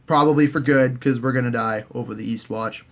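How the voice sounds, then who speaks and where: A young man, recapping a TV season in a casual, profane, jokey way and slipping into quick silly character voices. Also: mid-range voice, fairly even intonation. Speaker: recap host.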